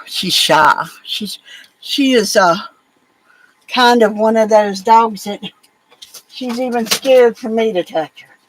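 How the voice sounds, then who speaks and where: A rambling, folksy woman with a drawl chats casually while she crafts at home. Her voice sits a little high, and a faint hiss runs behind it. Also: slow, pauses often, rough recording. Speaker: crafting vlogger.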